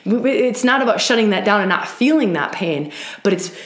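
A woman leads a live-streamed spiritual talk for an online women's circle, speaking in an earnest, emphatic way with frequent "right?" asides and restarts. Her mid-range voice is expressive and brisk, and the sound is roomy.

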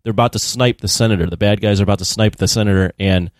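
A man's voice: fairly low pitch, fairly even intonation, fast talker, no room sound, studio quality. A man co-hosting a casual movie review podcast, retelling scenes in a rambling way with lots of restarts. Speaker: podcast co-host.

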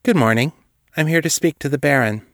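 A man's voice: fairly high pitch, a little fast, no echo, voice pushed up, natural voice. A firm, purposeful woman investigator presses politely for answers, as a male narrator puts her on. The voice is raised above his own, the delivery controlled and direct. The recording is dry and close.

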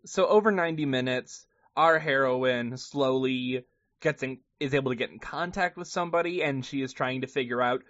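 A man's voice: medium pitch, normal speed, a bit bright. Man hosting a casual film podcast. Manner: jokey, self-deprecating, summarizing plot. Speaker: podcast host. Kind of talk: casual movie review chat. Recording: slightly muffled dry podcast audio.

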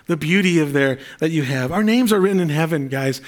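A man's voice: a little high, animated, brisk. A middle-aged male pastor preaching a sermon in an earnest, conversational way, with fillers and repeated phrases.

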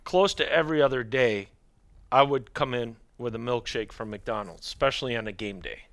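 A man's voice: medium pitch, normal speed, gravelly, fairly bright tone, dry recording. A middle-aged man, a hockey equipment manager, telling rambling stories as a podcast guest and dropping his voice to quote other people. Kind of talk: casual storytelling chat.

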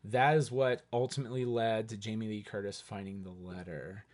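A man co-hosting a podcast, chatting casually about a movie and lively about it. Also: on the low side, moderate pace. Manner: lively, acts out quoted lines. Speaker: podcast co-host.

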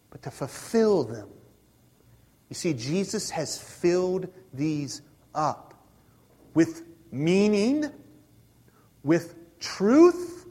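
A man in his forties preaching a sermon in a church, talking casually with the congregation and asking them questions. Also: sits high. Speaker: pastor. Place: church sanctuary. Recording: hall reverb.

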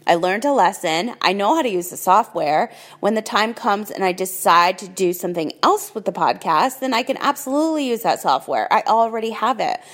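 A woman hosting a solo podcast in a chatty, upbeat way, peppering her talk with "like" and "um". Her voice sits at an ordinary middle pitch. She records on her phone at home in her kitchen. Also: lively intonation, a little fast, few pauses, fairly bright tone. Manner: chatty, upbeat, filler-heavy with frequent "like" and "um". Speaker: podcast host. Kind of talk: casual solo podcast monologue.

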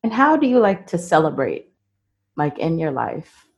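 A woman hosting a casual interview, relaxed and laughing easily as she asks questions. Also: low voice, moderate pace. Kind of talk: casual conversation.

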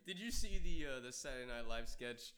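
Male podcast co-host with a mid-pitched voice, halting casual delivery, frequent restarts. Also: expressive, pushed and bright. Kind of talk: casual chat.

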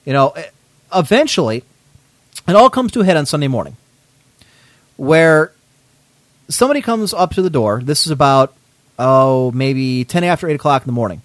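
A man's voice: on the high side, expressive, moderate pace, long pauses, dry recording. A man hosting a podcast, telling a story in a casual, indignant way, swearing often. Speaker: podcast host.

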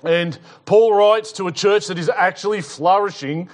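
A man's voice: sits high, normal speed. A male senior pastor, preaching a sermon in a conversational storytelling way, with frequent restarts. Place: church.

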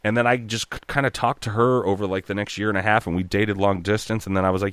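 A man from Oregon, a voice actor, telling a story in an animated, profane way and slipping into character voices. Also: fairly low pitch, a little fast, few pauses, clean tone, dry recording. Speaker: guest voice actor. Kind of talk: casual storytelling.

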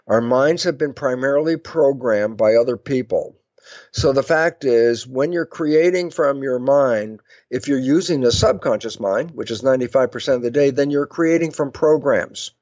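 A man explaining ideas in an interview, animated and acting out both sides of imagined conversations. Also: fairly high pitch, no echo, muffled recording. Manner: lively, acts out both sides of imagined dialogues. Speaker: guest speaker.

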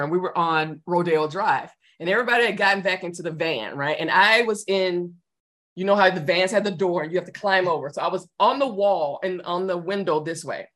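A woman in her thirties, co-hosting a podcast in casual chat, telling stories with lots of laughter and energy. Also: fairly low pitch. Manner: animated storyteller, laughs often. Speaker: podcast co-host.

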